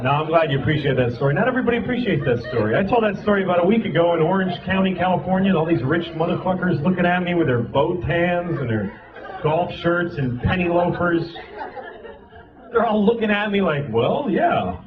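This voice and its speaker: A man's voice: sits high, fairly quick, dull audio. A man doing stand-up comedy, riffing in an exasperated, profane way. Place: comedy club stage. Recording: live club set, loud crowd. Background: loud audience laughter.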